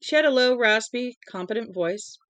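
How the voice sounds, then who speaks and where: A woman reading a novel aloud in a plain, unhurried way, with small slips, into a close mic at home. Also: on the high side, animated, a bit bright, no echo. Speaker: audiobook reader.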